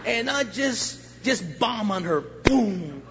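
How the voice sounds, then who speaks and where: A middle-aged man preaches a testimony sermon as an animated storyteller, acting out each scene. His voice sits high for a man and swings from loud to hushed. The recording is dull and soaked in long hall reverb, with faint noise underneath. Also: slow. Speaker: guest pastor. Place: church sanctuary.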